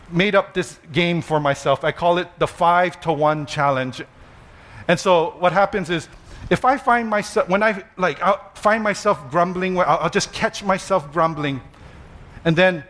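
A man pastor, preaching a sermon with animated storytelling, self-deprecating humor and slow emphatic repetition. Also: a little high.

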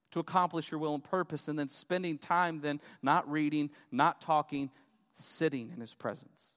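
A man's voice: fairly high pitch, normal speed. Preaching man in a reverberant church hall. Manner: animated preaching, swings between loud urgent and hushed. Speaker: pastor. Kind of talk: sermon. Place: church auditorium.

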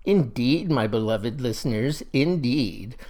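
A man's voice: medium pitch, lively intonation, slow pace, a little mellow. A grandiloquent old Mississippi farmer, as a man puts him on, talking. He lays out his views in mock-genteel, rambling sentences, in the manner of a satirical comic monologue. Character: folksy older male Mississippi farmer, pompous crank.

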